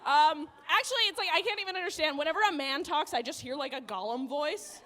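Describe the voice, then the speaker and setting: A woman's voice: high-pitched, fast talker, sharp tone, slight background noise. A woman doing a stand-up comedy set on a comedy club stage, brash and profane, laughing at her own jokes.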